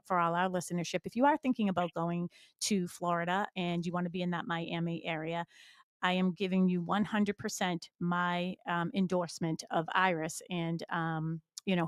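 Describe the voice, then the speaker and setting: A woman with a New England accent hosting a radio show, talking in a chatty, animated way with lots of examples. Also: lowish voice, no room sound. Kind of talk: casual radio chat. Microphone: studio mic.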